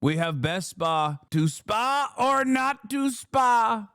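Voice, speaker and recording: A man's voice: very high-pitched, lively intonation, slow, a bit bright, clear, resonant tone, dry recording, clean studio sound, pitched above the performer's own voice, exaggerated voice. A man doing a mocking impression of a boastful older male politician who rambles and praises himself.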